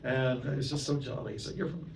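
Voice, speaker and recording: A man's voice: mid-range voice, flat delivery, quick pace, noisy background. A man from Canada, a monk giving a storytelling lecture to a temple audience, chatty and anecdotal, often asking the room questions. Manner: chatty, anecdotal, with many "you know" asides and audience questions. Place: temple hall. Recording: roomy hall, mic at a distance, audience present.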